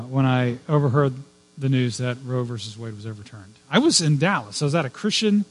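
A man preaching a sermon as a pastor, telling personal stories with casual asides and building to fervent emphasis on his main points. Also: mid-range voice. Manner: conversational, digressive storytelling with personal asides.

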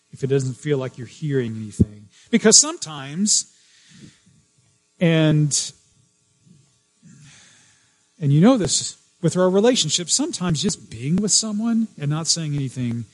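Male pastor, slightly high pitch, earnest sermon delivery with repeats and restarts. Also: low-quality recording. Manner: earnest, repeats key phrases, frequent restarts.

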